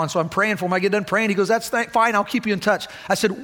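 A man preaching a sermon in a casual, conversational way, with asides and small jokes, turning high and intense as he retells emotional moments. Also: steady tone, fast talker, hardly any pauses, sharp tone. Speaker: lay preacher. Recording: hall reverb.

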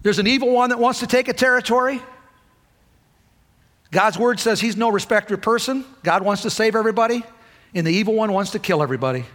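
A man preaching a sermon in a casual, conversational way, with asides and small jokes, turning high and intense as he retells emotional moments. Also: fast talker, a bit bright. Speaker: lay preacher. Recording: hall reverb.

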